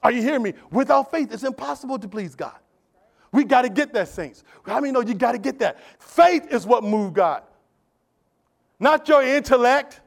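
A man's voice: very high-pitched, animated, moderate pace, gravelly. A male pastor preaching a sermon, emphatic and repetitive, calling on the congregation to answer back.

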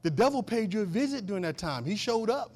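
A male pastor preaching a sermon, swinging from loud declarations to hushed asides and asking the congregation questions. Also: sits high, sing-song, fast talker. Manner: asks the congregation call-and-response questions.

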